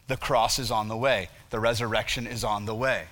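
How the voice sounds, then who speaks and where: A pastor preaching a sermon, asking rhetorical questions and dropping to a quiet, low voice for emphasis. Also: male voice, steady tone, fairly quick, hardly any pauses.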